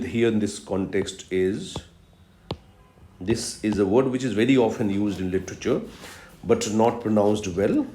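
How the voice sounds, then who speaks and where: Male professor, unhurried lecture, repeats key terms, echoey room. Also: mid-range voice, mellow. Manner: explains step by step, repeats key terms, frequent "uh" fillers. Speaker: professor of literature. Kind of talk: recorded video lecture. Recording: roomy echo.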